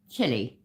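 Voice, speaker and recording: A woman hosting a reaction commentary, mocking and sarcastic, swearing freely. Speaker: channel host.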